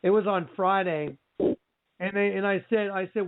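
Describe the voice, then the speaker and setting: A middle-aged man hosting a religious radio show, telling a story in an animated way, often breaking into shouts and laughs. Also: sits high, moderate pace. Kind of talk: excited religious radio talk. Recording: tinny phone-like line with faint noise.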